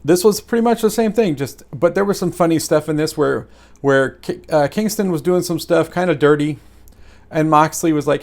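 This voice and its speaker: A man with a slightly high voice rambles through a casual solo review. He gets excitable and tosses in plenty of fillers as he recaps the matches. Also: a little fast, vocal fry. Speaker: wrestling show reviewer.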